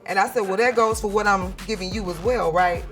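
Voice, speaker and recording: A woman telling a profane stand-up story with animated delivery, shouting out her punchlines. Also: mid-range voice, fairly quick, soft background music. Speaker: stand-up comedian and interviewer.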